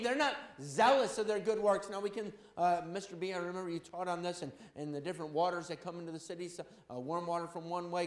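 Animated preacher man in an echoey room. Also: high-pitched. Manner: animated, swings between loud exhortation and quiet anecdote. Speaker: pastor. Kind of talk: sermon.

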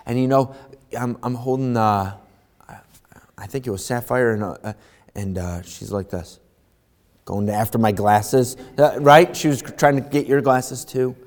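A male pastor preaching to his congregation in a loose, conversational way. He swings between quiet asides and loud, animated stretches, pushing his pitch up when he acts out a scene. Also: a little slow. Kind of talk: sermon. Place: church sanctuary.

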